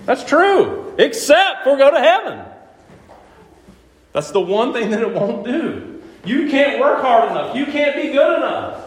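In a very high voice, a little slow, a man preaches a sermon, lively and emphatic. He keeps putting questions to his listeners and hammers his points home, recorded in an echoey room with faint ambience.

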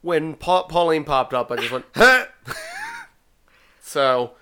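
A man's voice: a little high, slow, background noise. A man hosting a casual podcast chat, rambling and often repeating his words. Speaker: podcast host.

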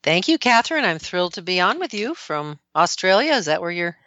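Guest, woman in her 60s, from the US, bright and lively, dull remote-call sound. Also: fairly low pitch, fairly quick, dry recording. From United States. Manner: enthusiastic, animated storytelling. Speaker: guest, nurse practitioner. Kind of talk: casual interview talk.

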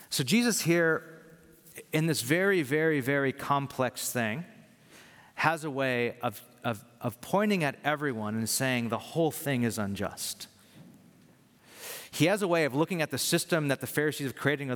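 A man's voice: medium pitch, animated, moderate pace, a bit bright. Earnest male preacher in a reverberant hall. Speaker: pastor. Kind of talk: sermon. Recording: long reverb of a large hall.

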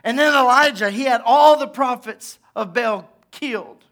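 A male pastor delivers a sermon in a high-pitched voice. His tone is bright and ringing, and he tells the story with lively asides, acting out the characters' lines as he goes. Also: unhurried.

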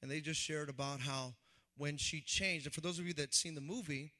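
A man, a pastor, preaching a sermon in an animated, conversational way and acting out the voices he quotes. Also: a little high, fairly quick.

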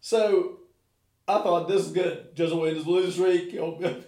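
A man's voice: sits high, fairly even intonation, measured pace, mellow. A man in casual chat who laughs often and adds short reactive remarks. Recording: echoey room.

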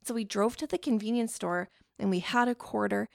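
A Canadian woman in her thirties hosts a podcast, speaking at medium pitch, a little fast, with vocal fry. In a studio-quality recording with no echo, she delivers a casual storytelling monologue, chatty, rambling and profane, laughing at herself as she goes.

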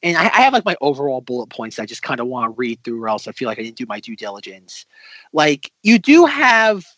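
Rambling male podcast co-host, animated pitch. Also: quick pace, no room sound. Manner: rambling, lots of fillers and restarts. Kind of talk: casual chat. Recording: slightly dull, lo-fi recording.

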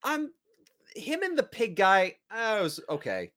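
Man with a lively voice chatting about films. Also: high-pitched, measured pace. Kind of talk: casual movie discussion.

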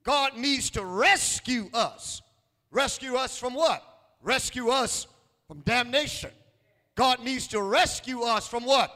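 A man with a very high, bright, ringing voice preaches a sermon in a style. He repeats his lines, throws questions at the congregation and swells into shouts. The sound carries a long echo from the hall. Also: takes it slowly. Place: church sanctuary.

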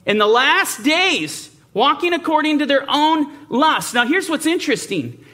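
Male bible teacher, very high voice, bright and forceful tone, emphatic sermon. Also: lively intonation, measured pace. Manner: emphatic, rhetorical questions, mimicking doubters.

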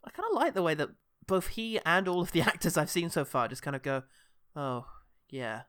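Man, podcast co-host, slightly high, bright, chatty, acts out quotes. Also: very animated, quick pace, smooth, no echo, clean studio sound. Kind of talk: casual film chat.

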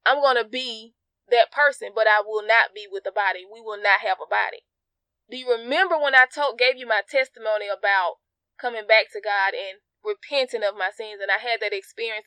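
A woman's voice: a little high, pushed and bright, dry recording. A woman giving an informal devotional teaching, speaking earnestly, repeating phrases for emphasis and addressing her listeners directly. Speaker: Bible teacher.

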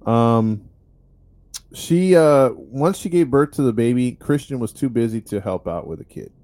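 A man's voice: medium pitch, lively intonation, measured pace, dark tone. A man hosting a podcast, telling a story in a rambling, wry way with many fillers. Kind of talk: casual storytelling chat.

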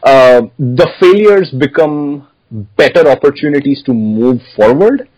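A man from India, a doctor and PhD student, answering interview questions in a thoughtful, modest, measured way. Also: medium pitch, expressive, a little mellow, low-quality recording.

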